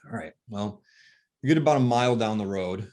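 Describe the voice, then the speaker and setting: A man recounting a painful family story as a father, talking softly and haltingly with many pauses and fillers, sounding worn and tired. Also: lowish voice. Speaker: grieving father telling his story. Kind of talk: emotional personal storytelling.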